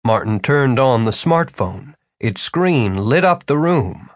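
A man narrating an audiobook, with expressive storytelling. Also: medium pitch, takes it slowly, no echo, clean studio sound. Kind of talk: scripted narration.

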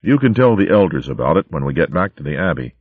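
A man doing Martin, a gentle warrior. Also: sits low, big pitch swings, fast, breathy edge, no echo, phone-quality sound, full character voice. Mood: reassuring. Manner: gentle and reassuring. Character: strong, kindly warrior mouse, protective.

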